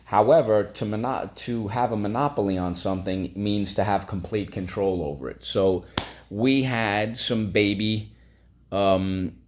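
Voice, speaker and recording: A man's voice: fairly low pitch, unhurried, darkish tone, slight background noise. A man teaching a phonics lesson, breaking words into syllables and prompting listeners to repeat.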